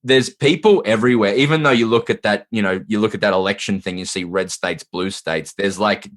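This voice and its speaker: A man's voice: fairly low pitch, a little fast. A man from Australia, a guest from a comedy group, talking loosely and thoughtfully in casual chat.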